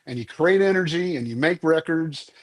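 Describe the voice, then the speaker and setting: A man's voice: fairly high pitch, expressive, normal speed, a little hiss or hum. A man, a musician guest in a podcast interview, speaking earnestly and telling stories with many restarts. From Oklahoma, US.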